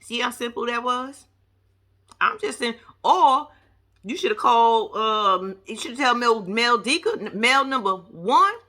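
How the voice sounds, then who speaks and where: A woman's voice: fairly high pitch, a little slow. A woman giving sassy, slangy casual commentary on a reality show, talking straight to the viewer. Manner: animated, sassy, slangy, talks to the screen. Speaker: vlogger reviewing a reality show.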